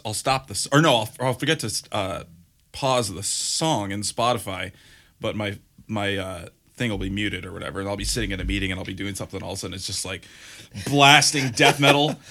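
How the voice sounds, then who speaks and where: A man in his thirties co-hosting a podcast, telling animated stories and acting out what others said. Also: on the low side. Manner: animated storyteller, acts out quotes. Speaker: podcast co-host. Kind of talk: casual chat.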